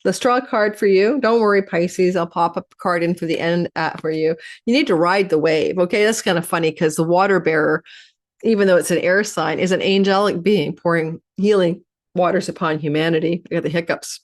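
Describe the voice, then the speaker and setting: Middle-aged woman, astrologer, quick and animated, lowish voice, horoscope forecast. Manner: fast, animated, talks to viewers by sign.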